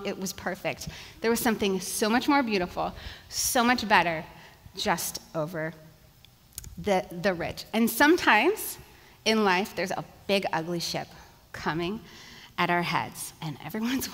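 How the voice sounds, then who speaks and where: Chatty bright-voiced woman in a big hall. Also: medium pitch. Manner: chatty and animated, lots of "like" and "you guys". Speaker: speaker at a church event, pastor's wife. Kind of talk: humorous storytelling talk to an audience. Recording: long hall reverb.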